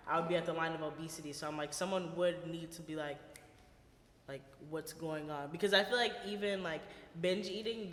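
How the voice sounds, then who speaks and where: A young woman co-hosting a casual podcast chat, animated and laughing as she tells stories. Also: low voice. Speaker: podcast co-host. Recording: echoey room with long reverb.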